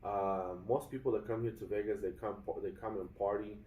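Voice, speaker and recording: Man, young adult, casual vlog, rambling with fillers, talks to viewers as guys, low mellow voice, hotel room. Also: steady tone, brisk, reverberant, far from the mic, rough recording. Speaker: vlogger.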